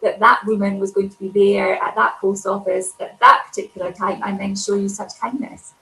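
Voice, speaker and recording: A woman's voice: medium pitch, little pitch movement, normal speed, gravelly, bright, forceful tone, a little hiss or hum, low-quality recording. Woman interviewer, mid-range voice, encouraging tone for a live show. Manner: encouraging, prompting questions. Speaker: host. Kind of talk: broadcast interview.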